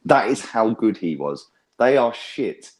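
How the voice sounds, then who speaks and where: A young man, ranting loudly and swearing hard in a casual fan chat he hosts. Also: fairly low pitch, unhurried. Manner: loud, sweary, animated ranting. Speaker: fan channel host.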